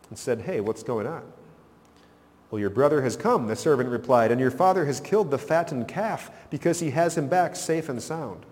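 A man's voice: medium pitch, a little mellow, in a large hall. A man preaching a sermon as pastor, emphatic, rising and falling for effect.

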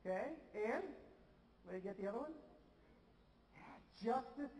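Missionary guy preaching, high voice, chatty storyteller, echoey church picked up from far off. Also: normal speed, a little mellow. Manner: chatty, storytelling, gets congregation to repeat words. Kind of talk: sermon. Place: church sanctuary. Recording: roomy hall, mic from afar.

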